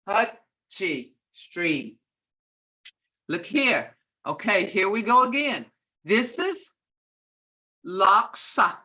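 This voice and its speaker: Older woman teaching slowly on a video call. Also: fairly high pitch, bright, forceful tone, rough recording. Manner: patient, repeats words slowly to model tones. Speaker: language teacher. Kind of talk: online language class.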